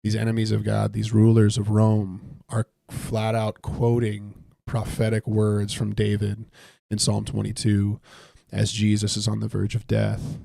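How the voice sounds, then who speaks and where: Man, low gravelly voice, casual stream Bible study, dry close mic, conversational reader. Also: warm tone, dry recording. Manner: thoughtful, conversational, reads scripture aloud.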